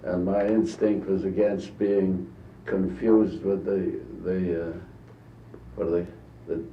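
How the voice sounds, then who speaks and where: An elderly American man with a very low voice recalls old stories at length, trailing off and restarting his sentences. He is heard off-mic on a dull old tape in an echoey room with faint hiss. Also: flat delivery, distant mic. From United States. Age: 80s. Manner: rambling anecdotal storytelling with halting restarts. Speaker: interviewee. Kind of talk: recorded archival interview.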